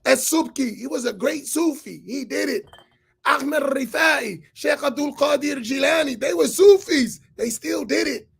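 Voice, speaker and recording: A man, preaching to an audience on a roundtable. He is loud and challenging, and he repeats phrases for emphasis. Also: extremely high pitch, measured pace, creaky. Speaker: imam on a roundtable.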